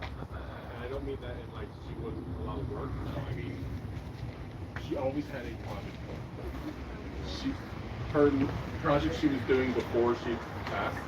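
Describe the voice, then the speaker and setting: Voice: mid-range voice, moderate pace. A player chatting casually and hesitantly, often stopping and restarting sentences. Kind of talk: casual chat. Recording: echoey, distant mic with loud background noise.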